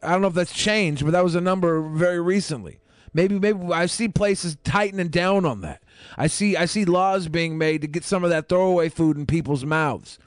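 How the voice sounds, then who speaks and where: A man's voice: high voice, normal speed, clear, resonant tone, no room sound. A man hosting a podcast panel, ranting emphatically and swearing freely. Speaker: podcast host. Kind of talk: casual panel chat.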